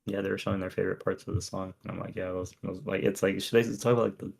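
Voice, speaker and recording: Deep gravelly dude rambling thru song lyrics, lots of likes and ums, flat delivery. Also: male voice. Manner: halting, filler-heavy, many restarts. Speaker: podcast co-host. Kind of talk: casual chat, reading lyrics and chat comments.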